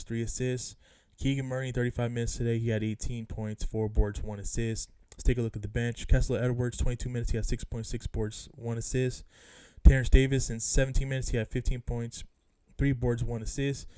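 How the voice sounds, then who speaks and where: A man rants casually as a sports fan vlogger, frustrated and emphatic, circling back to the same points again and again. His voice sits in a mid register with a warm, darkish tone. The sound is close and dry. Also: mid-range voice, no room sound. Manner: frustrated, emphatic, repeats himself. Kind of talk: casual rant about a basketball game.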